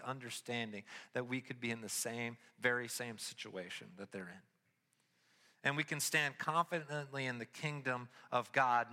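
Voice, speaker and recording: A man giving a casual, animated sermon as pastor, telling stories with his voice rising as he gets excited. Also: medium pitch, in a large hall.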